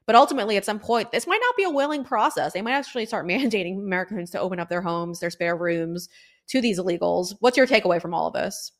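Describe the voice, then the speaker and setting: A woman's voice: mid-range voice, animated, fast talker. A woman hosting a political talk show, speaking in an emphatic conversational way with many fillers. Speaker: show host. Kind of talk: opinionated political commentary.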